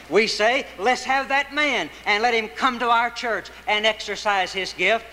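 Male preacher, bright, forceful sermon voice, rhythmic delivery, long hall echo. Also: high-pitched. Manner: rhythmic preaching with wide swings between raised and hushed delivery. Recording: reverberant hall with faint background noise.

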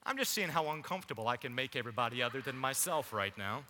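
A man's voice: mid-range voice, quick pace, a little hiss or hum. A male pastor, preaching a sermon in a church and chatting casually with the congregation. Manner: animated preaching with audience asides. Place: church sanctuary. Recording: long church hall reverb.

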